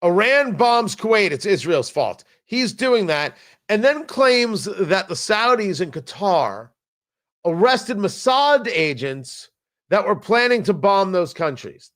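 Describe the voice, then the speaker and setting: A man's voice: sits high, very animated, slow, a bit bright. A man hosting a political commentary show, sarcastic and exasperated, often stumbling over restarts. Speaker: talk show host.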